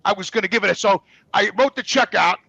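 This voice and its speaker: A man's voice: high voice, quick pace, vocal fry, sharp tone, husky, no echo. A man telling a personal story as a guest, in blunt, profane, repetitive talk. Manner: blunt, profane, repeats himself.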